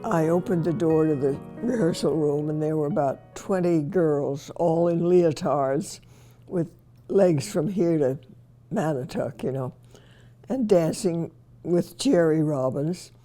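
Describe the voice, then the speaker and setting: A woman's voice: deep voice, measured pace, warm tone, faint music behind. An older woman reminiscing in a casual interview, telling wry anecdotes and chuckling at herself.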